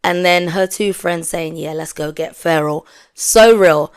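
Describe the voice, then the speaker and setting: A woman's voice: fairly low pitch, measured pace, clean tone. A young woman reviewing a reality show in casual chat, acting out her own reactions as she goes.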